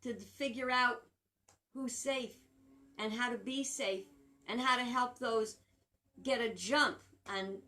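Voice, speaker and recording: An older woman giving a casual spiritual talk, earnest and musing, pausing with fillers and restarting her sentences. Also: on the high side, sharp tone. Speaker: spiritual teacher.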